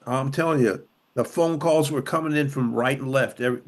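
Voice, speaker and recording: Briskly and in a mid-range voice, an older Los Angeles man who served as a police officer and later on the city council shares his story. Emotion runs high as he repeats key points, his voice climbing and plunging sharply.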